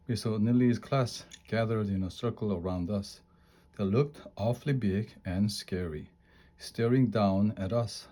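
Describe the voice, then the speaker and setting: Deep, mellow male storybook reader. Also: a little slow. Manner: steady, clear reading aloud. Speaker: storyteller reading children's books aloud. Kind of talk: read-aloud storybook narration.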